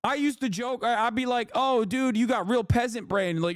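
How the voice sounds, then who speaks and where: A man with a very high-pitched voice hosts a stream and rants in casual commentary. He swears freely and mocks with open disbelief. The sound is close and dry, with no room echo. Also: moderate pace, clean tone. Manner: profane, incredulous, mocking. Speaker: streamer host.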